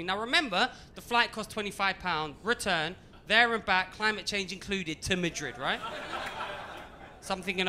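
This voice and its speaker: A man doing a stand-up comedy routine on a club stage, animated, swinging from muttering to shouting. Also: sits high, brisk, a little hiss or hum.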